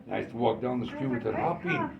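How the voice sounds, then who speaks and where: A man telling family stories in an animated way, laughing and acting out what others said. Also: medium pitch, fast, gravelly, a loud crowd. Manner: animated, laughing, acts out quotes. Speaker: storyteller. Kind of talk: family storytelling. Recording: far, echoey, muffled and noisy.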